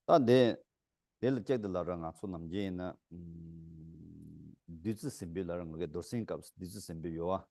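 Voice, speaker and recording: Emphatic low-voiced male dharma teacher. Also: normal speed, vocal fry, dark tone, no room sound, clean studio sound. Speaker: Buddhist teacher.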